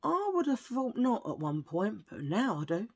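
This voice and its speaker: A woman's voice: medium pitch, very animated, normal speed, breathy edge. A woman chatting to camera as a beauty vlogger, rambling and telling cheesy jokes. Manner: chatty, jokey, rambling asides. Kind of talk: casual chat to camera.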